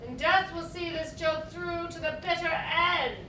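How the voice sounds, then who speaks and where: A bitter, scheming maid, mocks and menaces in a high, unhurried voice. She sounds theatrical and cruel. The recording catches an echoey stage from a distance, with faint hiss. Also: pushed and bright, full character voice. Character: Solange, a bitter scheming maid, adult woman. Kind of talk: stage acting. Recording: echoey stage from far off, light noise.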